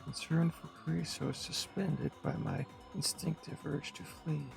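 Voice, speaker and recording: Gravelly man reading a game aloud. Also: fairly high pitch, steady tone, normal speed, over music. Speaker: streamer. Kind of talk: reading a visual novel aloud.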